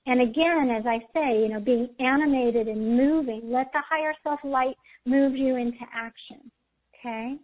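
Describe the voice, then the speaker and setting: A woman host with a high voice at normal speed gives intuitive spiritual readings in a soothing, guiding manner, often checking in with "okay?". She comes through over a tinny line.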